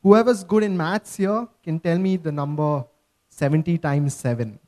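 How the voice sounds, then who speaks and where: A man's voice: a little high, normal speed, darkish tone. A man preaching a sermon, earnest and emphatic, often checking in with his listeners.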